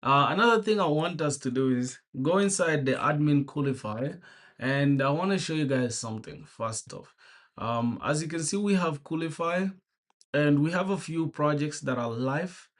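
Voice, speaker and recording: A man's voice: a little high, normal speed. Slangy young man live-coding on stream. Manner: laid-back and slangy, greeting viewers by name and thinking aloud. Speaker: programmer streaming his coding. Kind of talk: casual live-stream commentary.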